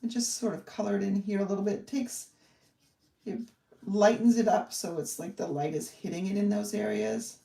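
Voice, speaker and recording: Set back from the mic in an echoey room, a woman with a mid-range, creaky, warm voice talks at normal speed with fairly even intonation. She's leading a live card-making demonstration, rambling in a friendly manner and narrating her thoughts as she crafts.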